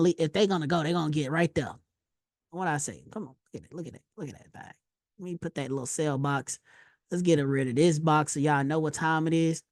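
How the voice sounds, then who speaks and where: A woman teaching a casual trading lesson over a screen share, slangy and animated, telling stories with loud exclamations. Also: fairly high pitch, creaky, no room sound, clean studio sound. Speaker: trading instructor.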